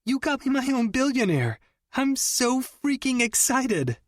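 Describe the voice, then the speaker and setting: A man voicing a loud, bubbly young woman who squeals and shouts with excitement, in an audiobook. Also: high voice, unhurried, no echo, clean studio sound, voice pushed up, heavily acted. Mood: ecstatic.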